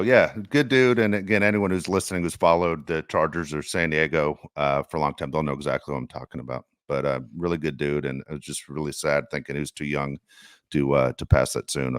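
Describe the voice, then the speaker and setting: Man, podcast host, very deep voice, dry studio sound, earnest reflective storyteller. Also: fairly bright tone, dry recording. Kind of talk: casual sports podcast chat.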